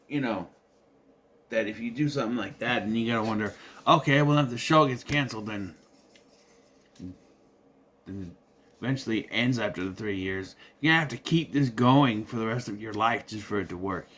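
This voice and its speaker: A man's voice: medium pitch, expressive, normal speed, long pauses, fairly bright tone, a little hiss or hum. A man from southern Minnesota giving a casual, rambling review of a movie, full of restarts and the occasional curse. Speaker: video reviewer.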